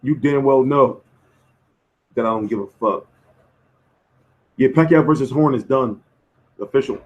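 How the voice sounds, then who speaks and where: Hoarse man chatting boxing on a stream. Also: mid-range voice, a little slow, highs cut off. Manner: loose, profane, slangy banter answering chat. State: losing his voice. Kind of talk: casual live-stream chat.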